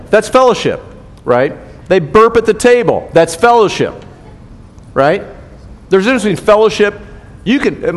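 Older man preaching in a reverberant hall. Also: medium pitch. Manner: conversational, asks the room questions, often tags "right?". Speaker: pastor. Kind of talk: sermon.

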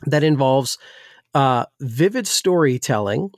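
A man's voice: medium pitch, lively intonation, takes it slowly, no echo, studio quality. A man who grew up in New Jersey and now works as a pastor, talking casually and rambling with many restarts, his voice still a little weak. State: slightly weak voice. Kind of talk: casual discussion.

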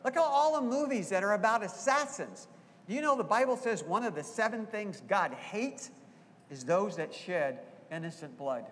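High-voiced pastor in a reverberant church. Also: male voice, animated, moderate pace, fairly bright tone, a little hiss or hum. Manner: emphatic, repeats key phrases for emphasis; asks the congregation questions. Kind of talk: sermon. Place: church sanctuary. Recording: long hall reverb.

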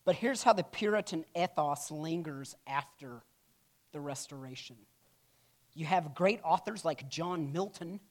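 This classroom lecture on church history stays informal, with frequent "right?" and "okay?" check-ins and playful side remarks. The teacher speaks in a mid-range voice.

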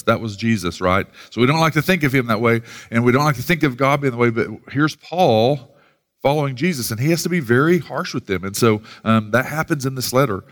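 A man's voice: mid-range voice, animated, a little fast. A man giving a sermon as a pastor, talking in a loose, casual way with many fillers and restarts.

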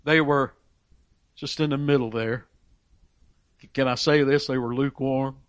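A man's voice: medium pitch, fairly even intonation, measured pace, dry recording. A man preaching a sermon, emphatic, reading scripture aloud and briefly acting out the voices of people in the story. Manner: emphatic, voices characters in Bible stories.

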